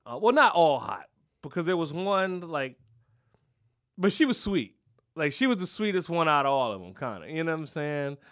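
A man's voice: on the high side, normal speed. A man hosting a podcast, telling a profane story in a casual way and acting out the people in it. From Philadelphia. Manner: profane, animated, acts out the people in his story. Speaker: podcast host.

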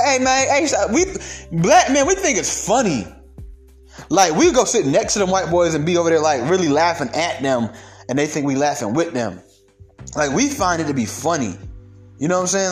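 A young man delivering a heated, profane rant of social commentary, emphatic and blunt. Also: fairly high pitch.

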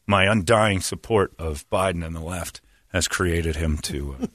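Guy hosting radio, kinda low voice but bright, wry jokey banter, dry studio sound. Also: dry recording. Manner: wry, joking, quick asides. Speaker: radio show host. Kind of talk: casual banter.

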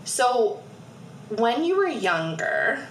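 A woman in her thirties, a therapist co-hosting a casual podcast, talking in an animated way with frequent swearing and laughter. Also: a little high, drawn-out words, roomy sound, slight background noise, poor audio. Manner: animated, swearing, laughing often, acting out past selves. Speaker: podcast co-host. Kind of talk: casual chat.

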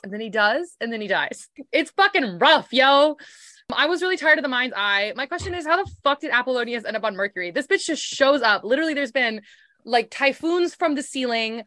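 A woman's voice: high voice, a little fast, no echo. A woman co-hosting a casual podcast chat about a book series, swearing freely and acting out the characters' lines. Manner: profane, animated, acts out characters' lines. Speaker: podcast co-host.

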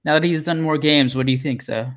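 A man's voice: a little high, fast, fairly bright tone, a little hiss or hum. A man co-hosting a sports podcast who laughs often and asks his partner questions. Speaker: podcast co-host. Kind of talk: casual sports chat.

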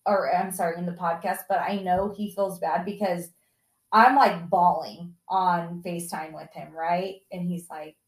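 A woman's voice: lowish voice, unhurried, roomy sound, rough recording. A mother telling a story on a podcast, casually, acting out what people said in a raised voice. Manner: animated, acts out quotes in raised voice.

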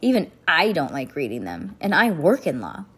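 A woman's voice: low voice, moderate pace, husky, pitched below the performer's own voice, heavily acted. A woman reading aloud, voicing an eager, stage-struck woman judge in a raised, gushing voice. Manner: gushing, excited.

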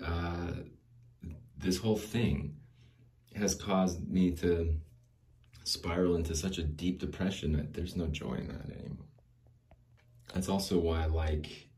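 Low, mellow-voiced man rambling jokingly. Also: slight background noise. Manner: jokey, rambling, laughs often. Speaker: podcast host. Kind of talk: rambling comedic monologue.

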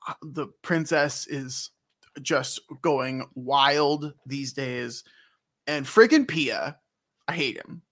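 A man's voice: medium pitch, slow pace, a bit bright. A man putting on a flustered male knight who complains in an exasperated way. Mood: fretting.

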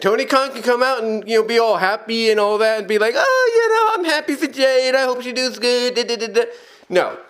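A man hosting a solo opinion podcast with a fairly high voice. He talks emphatically and keeps repeating his points to drive them home. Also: a bit bright. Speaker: podcast host.

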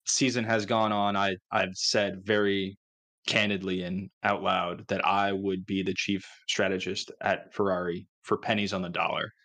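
Casting: lower-voiced man, casual podcast co-host, wry and self-mocking. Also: moderate pace. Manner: joking, self-mocking, animated asides. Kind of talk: casual chat.

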